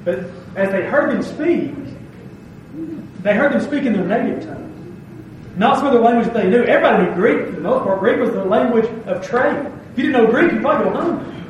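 A man's voice: very high-pitched, lively intonation, fairly quick, far from the mic, slight background noise. A man preaching a folksy, conversational sermon to his church, reading scripture and explaining it. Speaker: pastor. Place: church sanctuary. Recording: very echoey hall, mic from afar.

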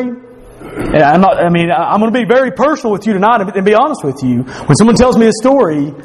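A man's voice: high-pitched, slight background noise. A man preaching in a church, earnest and confessional, repeating phrases for emphasis. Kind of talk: sermon.

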